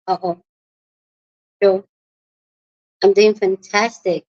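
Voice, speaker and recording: A woman's voice: medium pitch, moderate pace. A young Nigerian woman with a Nigerian accent hosting a casual live chat, greeting viewers by name and giving her opinions. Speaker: livestream host. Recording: lo-fi livestream audio.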